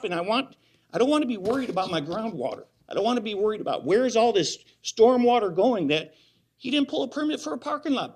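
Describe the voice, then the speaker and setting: A man speaking up at a county hearing, his voice pitched high and strained with agitation. He is worked up and insistent, hammering the same points again and again. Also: husky. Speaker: resident giving public comment. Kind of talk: public comment at a county hearing.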